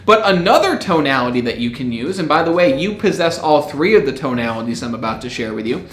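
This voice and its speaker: A man coaching public speaking to camera in an upbeat way, with rising inflections, often switching between bright and low smooth tones. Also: animated, fairly quick, few pauses. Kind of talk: upbeat instructional talk to camera. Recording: echoey room, faint music.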